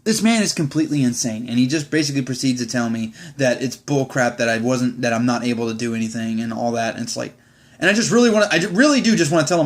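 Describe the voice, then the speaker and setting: A man's voice: medium pitch, animated, fast talker. A young man, a Marine sergeant, ranting in a vlog with exasperated, profane, rambling talk.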